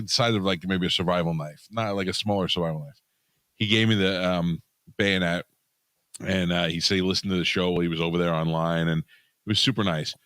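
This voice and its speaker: A man co-hosting a podcast, telling a rough, profane story in casual chat and getting worked up as he defends himself. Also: low voice, a bit bright, dry recording. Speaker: podcast co-host.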